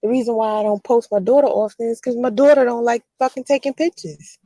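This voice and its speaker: A woman's voice: on the high side, fast talker, mellow, no room sound. A woman vlogger in a blunt, profane, defiant rant. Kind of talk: ranting monologue.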